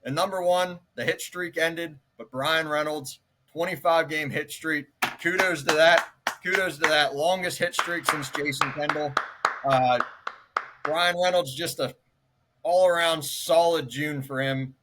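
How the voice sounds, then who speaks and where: A man co-hosting a casual sports podcast in a relaxed way, often pausing with fillers. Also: fairly high pitch, noisy background. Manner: relaxed, frequent filler pauses. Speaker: podcast co-host.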